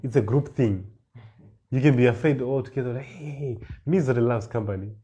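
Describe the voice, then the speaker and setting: A man preaching a sermon, reading scripture verses slowly and then explaining them with rising emphasis and repeated words. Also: mid-range voice, warm tone, husky.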